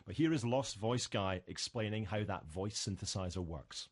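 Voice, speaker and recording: A man's voice: fairly low pitch, animated, normal speed. A male radio reporter telling the presenter about an interview in a conversational way.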